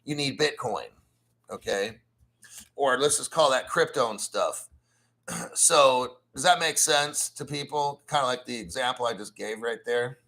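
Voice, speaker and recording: A man hosting a casual crypto livestream, blunt and profane, clearing his throat often and reading viewer chat aloud. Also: mid-range voice, a little slow, bright, forceful tone. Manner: mocks newcomers with sarcastic put-on quotes; reads and answers viewer chat messages. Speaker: crypto channel host.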